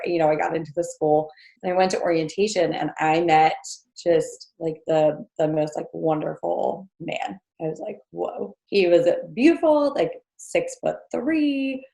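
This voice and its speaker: Her lowish voice carries vocal fry and a dark tone as this New Jersey woman in her thirties recounts a personal story on a podcast. She's conversational, using plenty of fillers and light laughter, and the recording echoes.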